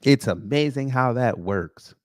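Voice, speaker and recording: A man's voice: medium pitch, lively intonation, a little slow, a little mellow, dry recording, studio quality. A man hosting a livestream, reading viewer names and commenting with a sarcastic, mocking edge. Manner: sarcastic, greets chat viewers by name. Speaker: livestream host.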